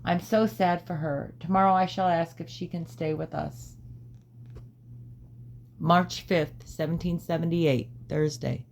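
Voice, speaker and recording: Woman narrator, storybook reading, low voice, measured, faint background noise. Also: fairly even intonation, vocal fry, darkish tone. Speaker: audiobook reader.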